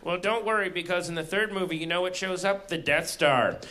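A comedian playing a middle-aged male filmmaker who talks slowly and haltingly, full of "uh"s. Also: high-pitched, pushed and bright. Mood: cheerful. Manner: slow, halting, many "uh"s.

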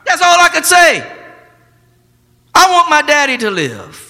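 High, animated preaching man. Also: unhurried, big-room sound. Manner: dramatic swings from quiet to shouting. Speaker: pastor. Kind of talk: sermon.

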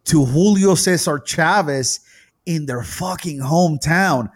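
A man co-hosting a podcast, chatting casually and profanely, animated and quick to laugh. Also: fairly high pitch. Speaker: podcast co-host.

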